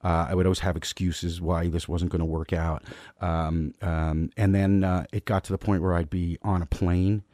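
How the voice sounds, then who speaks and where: A comedian guest in casual interview talk, rambling and candid, laughing at himself, recorded in a garage studio. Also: male voice, low voice, flat delivery, moderate pace, dark tone, no echo.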